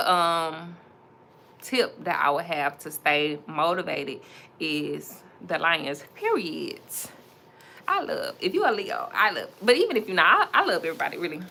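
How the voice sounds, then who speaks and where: While styling a wig on her livestream, a young entrepreneur talks casually and lively with her viewers, laughing frequently. She has a lowish, bright voice with a forceful tone, and there's a little hiss or hum.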